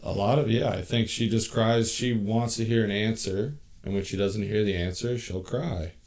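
A man in his thirties with a fairly low voice, chatting on a podcast. He jokes around and tells animated stories about his kids and childhood, his voice jumping up when he gets excited. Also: moderate pace. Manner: joking, animated storyteller. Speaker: podcast co-host. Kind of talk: casual chat.

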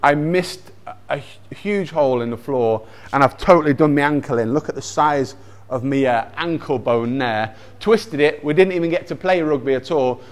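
Animated man telling a Bible story. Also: fairly high pitch, moderate pace. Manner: animated, with acted-out moments and personal anecdotes. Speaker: speaker retelling a Bible story. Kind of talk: lively storytelling talk.

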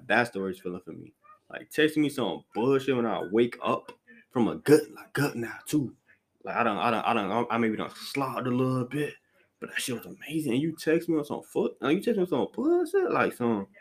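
A man hosting a podcast, ranting casually about what he hates, rambling and repeating himself with blunt, profane slang. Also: mid-range voice. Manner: restarts sentences often, with lots of "like" fillers. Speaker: podcast host. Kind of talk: casual solo rant.

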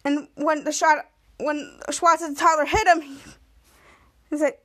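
Podcast host, woman, high-pitched and bright, animated episode recap. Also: moderate pace. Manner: animated retelling with many restarts, acting out the lines.

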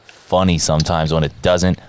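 A man co-hosting a casual gaming podcast, telling stories in a profane, animated way. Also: low voice, moderate pace. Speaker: podcast co-host.

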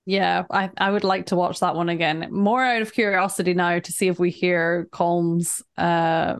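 A woman's voice: on the low side, steady tone, moderate pace, clear, resonant tone. A woman co-hosting a podcast, chatting casually about a movie and laughing along. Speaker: podcast co-host.

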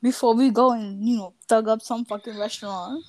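A woman co-hosting a casual podcast chat, telling profane, animated stories full of acted-out quotes. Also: a little high, brisk, no room sound. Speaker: podcast co-host.

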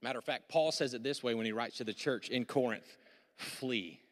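A male pastor delivering a sermon with energetic, joking delivery and prompts to the congregation. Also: medium pitch, quick pace. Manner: energetic, jokey preaching with audience prompts. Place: church sanctuary. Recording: church hall with long reverb.

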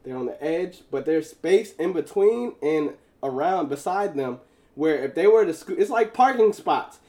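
Guy with a pretty high voice telling his viewers a story, loose and slangy, really animated. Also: unhurried. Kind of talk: casual storytelling monologue.

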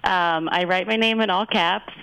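Woman guest on a radio chat, kinda hesitant, low-ish voice. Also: normal speed, a bit bright, smooth, rough recording. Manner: easygoing, a bit hesitant. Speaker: listener guest. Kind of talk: casual interview.

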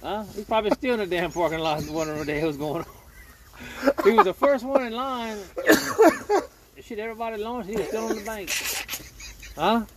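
A man, bantering gruffly with a hunting buddy outdoors at night. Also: sits high, expressive, moderate pace, long pauses. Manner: gruff, salty talk. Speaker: hunting companion. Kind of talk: casual banter. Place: outdoors at a boat launch at night. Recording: distant outdoor voice with loud background noise.

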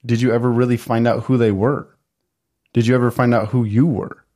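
A man's voice: medium pitch, flat delivery, brisk, warm tone. A man co-hosting a podcast, talking earnestly in casual chat, posing questions and swearing casually. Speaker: podcast co-host.

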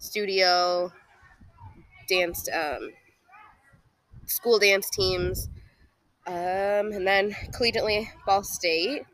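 A woman's voice: mid-range voice, extremely slow, pauses often, a bit bright, dry recording. Playful young woman hosting a podcast. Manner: playful, bubbly, rambling. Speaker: podcast host. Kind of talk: casual podcast chat.

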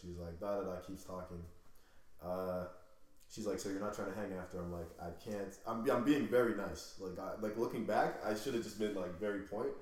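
A young man in casual chat, telling a story animatedly with lots of swearing and acted-out dialogue. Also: sits low. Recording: echoey room.

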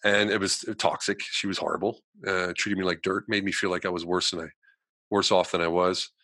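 A man tells his personal story as a guest in a conversation, with a very deep, forceful voice and a rapid pace. He animates his story by acting out the people he quotes, and pads his sentences with "you know". The recording is dry and close. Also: steady tone, dry recording.

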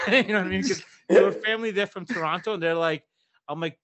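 A man co-hosting a casual podcast, telling a story with lively acted-out dialogue, laughing and swearing freely. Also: high voice, quick pace. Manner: animated, acts out quoted dialogue, laughs often. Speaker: podcast co-host.

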